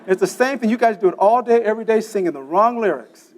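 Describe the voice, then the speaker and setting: Quick-paced and lively, a man with a high-sitting voice gives a technical lecture in a conference session room. He walks through the material step by step, poses questions to the audience, and frequently asks "okay?".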